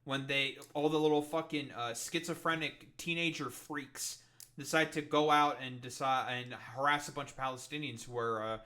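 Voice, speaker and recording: A man's voice: mid-range voice, fairly even intonation, moderate pace, bright, forceful tone. A young man giving rambling, profane, sarcastic reaction commentary as a streamer.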